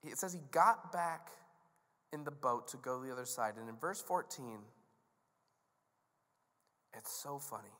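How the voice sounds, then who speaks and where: A man's voice: medium pitch, a little slow, long pauses. A male pastor preaching a sermon in a casual, joking, storytelling manner. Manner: conversational, joking, animated storytelling. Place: church sanctuary. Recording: long reverb of a large hall.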